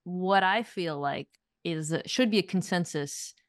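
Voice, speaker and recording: A woman's voice: on the low side, unhurried, no room sound. A woman guest on a talk podcast, telling stories in a wry, dry way in casual chat.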